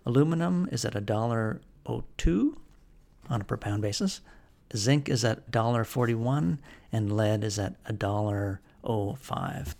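A man's voice: on the low side, unhurried, gravelly, a little mellow. A man hosting a podcast, giving casual market commentary in a conversational way, with frequent fillers and restarts. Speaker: podcast host.

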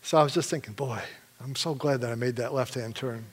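A man from Michigan giving a testimony in a sermon, telling his story with animated energy and frequent laughs. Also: medium pitch, brisk. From Michigan, USA.

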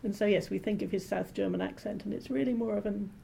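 A woman translator being interviewed, explaining her work in a measured, thoughtful way with frequent pauses and ums. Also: mid-range voice, fairly even intonation, gravelly, dark tone, a little hiss or hum. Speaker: literary translator, interview guest. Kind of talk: thoughtful academic conversation.

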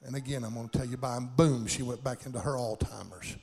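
A man's voice: mid-range voice, fairly even intonation, fast, gravelly, darkish tone, in a large hall. An older man preaching a sermon in a church sanctuary, with impassioned, folksy delivery and plain country grammar.

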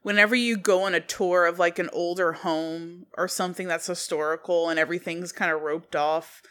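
Low-voiced woman chatting casually. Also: steady tone, normal speed, a bit bright. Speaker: podcast co-host. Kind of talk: casual chat.

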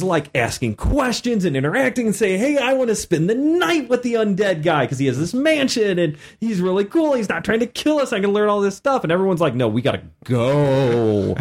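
A man hosting a podcast in casual chat, animated as he tells stories of running a game and acts out his players. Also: high voice. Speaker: podcast host and game master.

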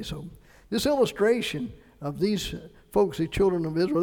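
A man's voice: high voice, creaky, a little mellow, long reverb tail. A man preaching a conversational sermon as pastor, repeating phrases for emphasis, recorded in a church sanctuary.

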